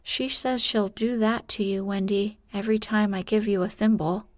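A woman voicing Peter Pan, a cocky, sly boy who never grows up, in a soft, breathy, hushed storybook reading. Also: mid-range voice, steady tone, normal speed, dry recording, studio quality, natural voice. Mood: earnest.

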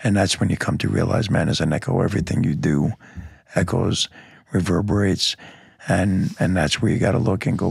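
A middle-aged man tells his story as a podcast guest. His voice is low, heavily gravelly and raspy, and it sounds dry and close to the mic. He talks in a blunt, plainspoken, earnest way and curses now and then. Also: fairly even intonation, a little fast, no room sound. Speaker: police lieutenant guest. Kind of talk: candid interview storytelling.

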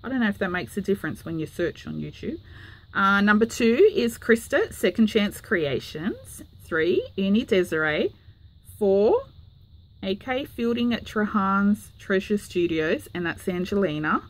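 A woman's voice: medium pitch, big pitch swings, measured pace. An Australian woman hosting her craft channel, chatting casually to camera with lots of ums and little apologies. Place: home craft room.

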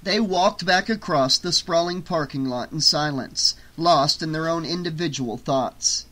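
A man narrating an audiobook in a steady, measured reading. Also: a little high, music in the background. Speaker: audiobook reader.

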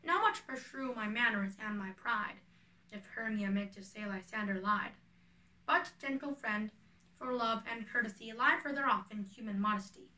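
A woman reading the part of a modest, gentle young woman aloud, in earnest verse, a little away from the microphone. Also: a little high, moderate pace, far from the mic, poor audio.

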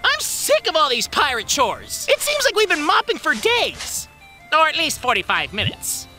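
A woman's voice: high-pitched, huge pitch swings, moderate pace, bright, forceful tone, soft background music, heavily acted. A woman voicing a grumbling young dinosaur in a cartoon, whining and complaining. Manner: whiny complaining. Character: grumbling young dinosaur stuck doing chores. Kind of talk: cartoon voice acting.

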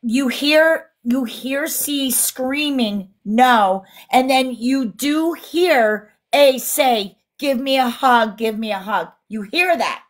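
A woman co-hosting a casual livestream reads viewer comments aloud in an indignant tone. Her voice is high-pitched and slow, with hardly any pauses.

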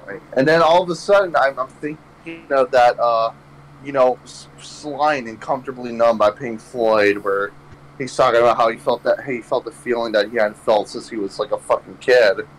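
A man's voice: mid-range voice, normal speed, slight background noise, poor audio. A young man hosting a podcast, telling a rambling story full of swearing and laughing at his own jokes. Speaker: podcast host. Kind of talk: casual storytelling chat.

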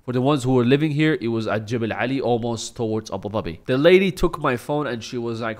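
Young man, casual storytime vlog, laid-back, swears a lot, jokey, mid-pitched voice. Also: lively intonation, quick pace, few pauses. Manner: laid-back, swears, jokes and self-deprecates. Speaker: vlogger.

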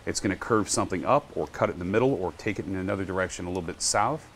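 A man's voice: low voice, very fast, slight background noise. A man, a winemaker, telling stories in a casual podcast interview and acting out what others said. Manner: animated storyteller, acts out quotes. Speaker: guest winery owner and winemaker.

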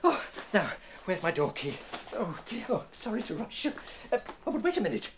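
A man's voice: high-pitched, huge pitch swings, normal speed, noisy background, full character voice. An actor playing an eccentric, flustered male inventor in a children's TV show, theatrical and full of exclamations. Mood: panicked. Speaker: inventor character in a children's series. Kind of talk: children's TV acting. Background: background music.

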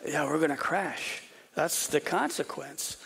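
A pastor preaching an animated sermon, often repeating words and dropping to a whisper for emphasis. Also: male voice, a little high, a little slow, vocal fry, husky. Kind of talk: expository sermon.

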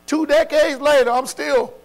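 A man teaching a Bible study in an emphatic preaching cadence. His voice sits fairly high, and he keeps asking his listeners rhetorical questions. A low electrical hum runs under the recording. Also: steady tone, normal speed, gravelly. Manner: informal speech with dropped verbs.

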